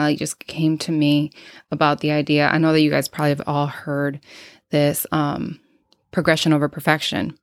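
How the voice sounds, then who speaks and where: A woman in her thirties with a low voice hosts an unscripted podcast, recorded as clean studio sound with a clean tone and no echo. Slightly out of breath, she talks reflectively and candidly, thinking aloud with many fillers and restarts.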